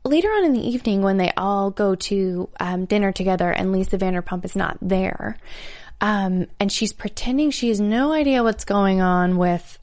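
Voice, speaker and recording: A young woman talks through an episode recap in a loose, chatty way. She fills gaps with ums and playful asides at an everyday mid pitch. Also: normal speed, darkish tone. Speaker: podcast co-host. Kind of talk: casual recap chat.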